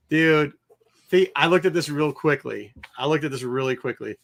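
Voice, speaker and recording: A man's voice: on the high side, moderate pace, vocal fry, a bit bright. A man hosting a casual chat while sorting old comics, muttering titles and numbers, swearing often, his voice cracking. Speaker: host.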